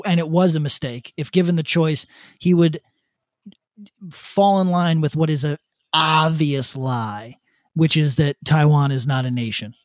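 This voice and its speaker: A man co-hosting a podcast, ranting bluntly with swearing and halting restarts. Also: a little high, darkish tone, no echo, studio quality. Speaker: podcast co-host. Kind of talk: casual opinion rant.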